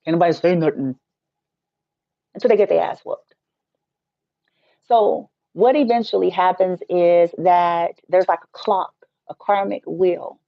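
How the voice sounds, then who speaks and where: A woman's voice: on the low side, steady tone, measured pace, creaky, no echo. A woman who works as a Reiki healer, talking in a casual live-stream rant that is blunt, profane and joking. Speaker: Reiki healer and spiritual teacher. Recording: dull, dry lo-fi sound.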